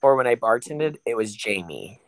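A man's voice: fairly low pitch, sing-song, normal speed, dry recording, poor audio. A man co-hosting a casual podcast, telling loose rambling stories and laughing often. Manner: rambling storyteller, laughs a lot. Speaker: podcast co-host.

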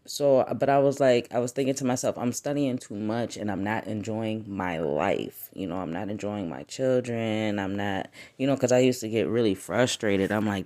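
A woman hosting her own podcast, telling a personal story in a loose, animated way, swearing freely and laughing often, her pitch and volume swinging widely. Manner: wide swings in pitch and loudness. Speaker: podcast host. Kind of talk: casual spiritual podcast monologue.

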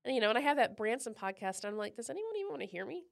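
A woman co-hosting a podcast in casual chat, animated and self-deprecating, laughing often. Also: on the high side, very fast, vocal fry. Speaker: podcast co-host.

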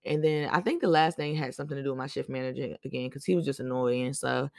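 A woman hosting a podcast, telling stories in a chatty, animated way with slang and lots of fillers. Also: extremely low pitch, fast, creaky, no room sound, studio quality. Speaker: podcast host. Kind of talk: casual storytelling chat.

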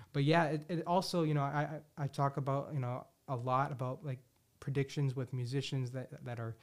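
Male podcast host, mid-pitched voice, loose casual ramble full of "you know" and f-bombs. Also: darkish tone. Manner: rambling, many restarts and "you know" fillers, frequent swearing; enthusiastic about music predictions. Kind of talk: casual solo talk.

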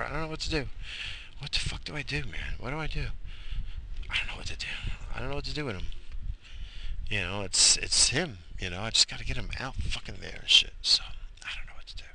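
A man's voice: fairly low pitch, a little fast, vocal fry, pushed and bright, slight background noise, low-quality recording. A tired man, a father, rambling and swearing as he talks to himself in a casual vlog. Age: adult with a child. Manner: profane, rambling, muttering to himself. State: exhausted. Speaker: vlogger.

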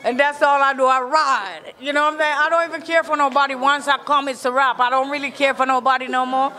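Brash Jamaican woman, interviewee, high bright voice, long echoing reverb. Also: steady tone, fast. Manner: brash, boastful, loud and teasing. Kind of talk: casual interview talk.

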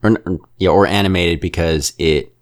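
A man with a very low, deep voice talks through a film in loose, casual podcast chat. He rambles from point to point, sharing blunt opinions and now and then dropping into quick impressions of characters. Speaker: podcast co-host reviewing a film.

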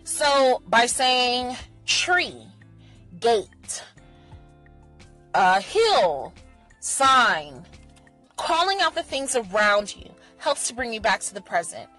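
A woman talking candidly in a personal vlog, bluntly profane, swinging between heated rants and soft, soothing reassurance. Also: fairly high pitch, sing-song, very slow, pauses often, soft background music, rough recording. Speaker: vlogger sharing personal experience.

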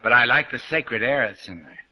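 Man preaching new thought stuff, super bright voice, chatty and folksy, drops bible verses. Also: mid-range voice, moderate pace, low-quality recording. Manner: conversational, folksy, quotes scripture. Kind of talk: spiritual lecture. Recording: archival lecture recording.

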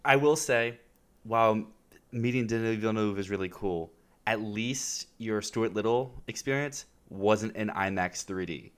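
Male podcast co-host, lowish voice, upbeat, casual. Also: measured pace, smooth. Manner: enthusiastic, supportive listener. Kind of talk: casual chat.

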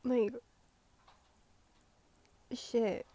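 A woman's voice: a little high, steady tone, extremely slow, dark tone, dry recording. Sick young woman rambling profanely. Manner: profane, slangy, full of fillers. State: sick with a runny nose. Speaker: vlogger. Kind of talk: rambling casual monologue.

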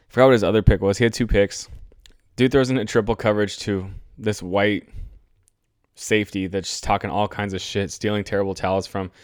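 Casting: young male podcast host, smooth low voice, crude exasperated football rant, dry close sound. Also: dry recording. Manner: profane, exasperated, rambling. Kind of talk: solo sports rant podcast.

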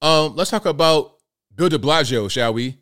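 A man's voice: a little high, moderate pace, a bit bright, clean tone. A man hosting a casual live stream commentary, talking straight to viewers in folksy slang.

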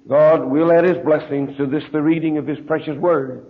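A man preaching a sermon in a church, who slows and drops into a heavy hush on his key words. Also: on the high side, steady tone. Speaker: pastor. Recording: tinny lo-fi archive tape.

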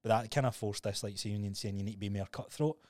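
Fast-talking Scottish man, candid and sweary. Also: fairly low pitch, darkish tone, dry recording, clean studio sound. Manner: candid storytelling, swears freely. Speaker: podcast co-host. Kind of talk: casual podcast chat.

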